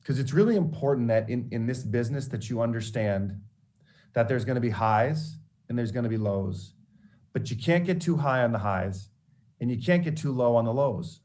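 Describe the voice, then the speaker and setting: A man's voice: mid-range voice, normal speed. A man who works as a sportscaster, telling candid stories to students about mentors and failure, with frequent restarts as he goes. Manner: candid, animated storyteller with many restarts. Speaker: sportscaster giving a mentoring talk. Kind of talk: storytelling speech to students.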